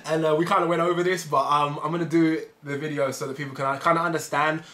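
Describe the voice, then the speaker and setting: A man's voice: on the high side, little pitch movement, fast talker, sharp tone. A man talking casually to camera as a fitness vlogger, rambling and fond of analogies. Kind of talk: casual explainer monologue. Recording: echoey room.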